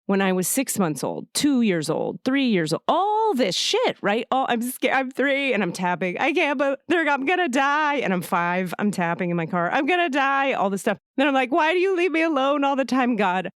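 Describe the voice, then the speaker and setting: Woman host, swearing storyteller, mid-pitched voice, dry close mic. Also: no echo. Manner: emotional, profane, animated storytelling. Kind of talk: casual storytelling.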